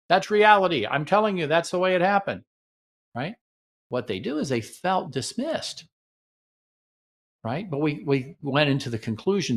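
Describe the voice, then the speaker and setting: A man's voice: a little high, expressive, normal speed. A man hosting a relationship radio show, explaining communication habits in a casual coaching way and often checking in with "right?". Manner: coaching, acts out partner dialogue, asks "right?". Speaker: radio host and relationship counselor. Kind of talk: casual teaching talk on radio.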